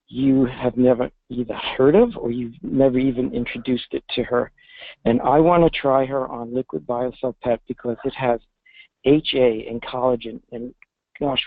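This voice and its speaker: A man who is a veterinarian tells a patient's story in an interview, earnest and halting with restarts, choked up with emotion, talking from a public space. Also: medium pitch, vocal fry, dry recording. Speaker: veterinarian guest. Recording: dry tinny phone-like line.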